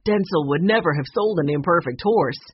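A woman voicing a gentle, downcast middle-aged man in a storybook reading. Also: lowish voice, normal speed, breathy edge, dry recording. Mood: worried. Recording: dull, muffled recording.

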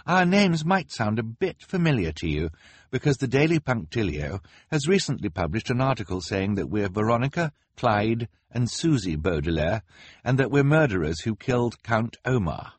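A desperate eldest orphan sister from an audiobook, her voice pushed well up and rising with every plea, voiced by a male narrator. The tone is faintly husky and the recording is close and dry. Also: mid-range voice, very animated, normal speed, no echo, pitched above the performer's own voice. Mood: pleading. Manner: pleading, breathless and urgent. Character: anxious teenage girl, eldest of three orphans.

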